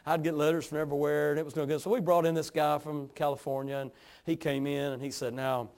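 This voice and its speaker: A middle-aged pastor with a strong East Tennessee hillbilly accent, talking in a folksy, drawling way. His voice sits a little high for a man, and his sermon swings from hushed storytelling to loud, fervent preaching. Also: level tone, fast. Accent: East Tennessee Appalachian.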